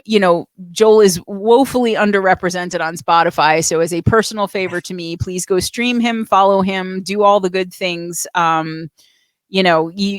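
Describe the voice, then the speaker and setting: A woman hosting an interview show, chatty and expressive, laughing often. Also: on the low side, no room sound. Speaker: host. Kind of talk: casual interview chat.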